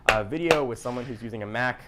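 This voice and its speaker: A man presenting a scripted gadget review in a measured, explanatory way. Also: mid-range voice, heavy background noise. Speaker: tech reviewer.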